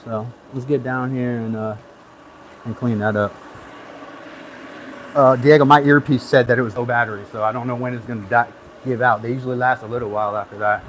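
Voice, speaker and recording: A laid-back man chats his way through a live stream, mid-pitched and easygoing. He wanders between practical tips and friendly asides, with a faint insect buzz behind him. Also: steady tone, a little fast, long pauses, a little hiss or hum, low-quality recording. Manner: rambling, easygoing, gives hands-on tips. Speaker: livestream host. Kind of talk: casual live-stream chat.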